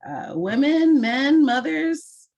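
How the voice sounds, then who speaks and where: A woman hosting an online mentoring session over a video call, giving clear, encouraging instructions. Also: sits high, animated, takes it slowly, a little mellow, highs cut off.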